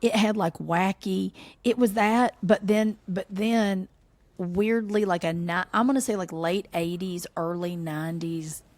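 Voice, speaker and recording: This is a woman with a Southern US accent co-hosting a relaxed podcast. She talks in a casual, animated way. She slips into playful voices when she quotes people. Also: mid-range voice, a little slow. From American South. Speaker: podcast co-host. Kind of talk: casual chat.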